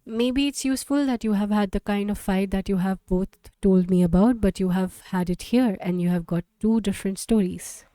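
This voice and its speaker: A woman reading the part of a calm family therapist who speaks in a measured, even way. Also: mid-range voice, no room sound, close to an everyday voice.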